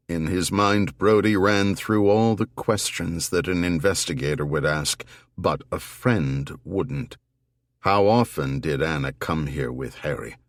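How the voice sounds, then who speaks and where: A male audiobook narrator with a deep, low voice and an unhurried pace. His reading is measured but expressive, and the pitch moves a good deal. It is recorded dry and close in a studio booth. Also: no echo. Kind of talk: scripted narration.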